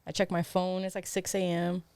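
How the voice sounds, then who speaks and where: A woman's voice: on the low side, completely flat delivery, a little fast, a little mellow, no echo. A young woman co-hosting a podcast who tells a story in loose, laughing chat, swearing freely and leaning on "like". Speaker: podcast co-host. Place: podcast studio.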